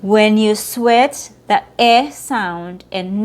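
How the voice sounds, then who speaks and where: Slow, careful woman teaching pronunciation. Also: mid-range voice. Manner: repeats words slowly, drawing out the vowels.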